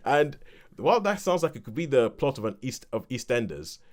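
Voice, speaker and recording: A man in casual podcast chat, reviewing a comedy series in a rambling, good-humoured way. His voice sits at an ordinary middle pitch, and he often stops to laugh before he picks up his thread again. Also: big pitch swings, brisk. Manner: chatty, rambling, laughs between points. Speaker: podcast co-host.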